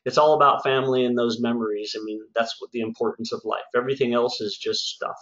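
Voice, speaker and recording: A man's voice: medium pitch, steady tone, fast talker, a bit bright. A man who runs a home services business, hosting a casual sales webinar in an upbeat, folksy, chatty way. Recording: echoey room, slightly dull sound.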